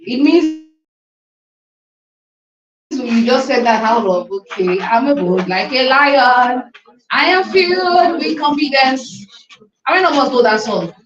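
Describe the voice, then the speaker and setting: A woman coach with a fairly high voice teases a room of students who have gone quiet. She breaks into bits of song. The recording is dull and echoey, caught from a distance. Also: a little slow, pauses often. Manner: teasing, animated, breaks into song. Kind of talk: classroom teaching session. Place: school classroom.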